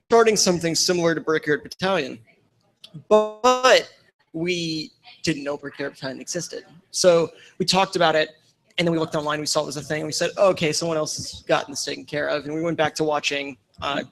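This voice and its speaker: Animated Midwestern man telling a story. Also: fairly high pitch, low-quality recording. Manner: animated storyteller, acts out dialogue with laughs. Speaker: podcast guest, supporters group founder. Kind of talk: casual storytelling chat.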